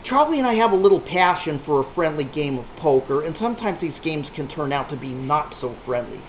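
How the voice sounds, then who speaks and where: A man's voice: on the high side, animated, fairly quick, a little hiss or hum. A man telling a rambling, salty anecdote to a small group, with a punchline-driven delivery. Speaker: storyteller. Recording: echoey room on a tinny lo-fi line.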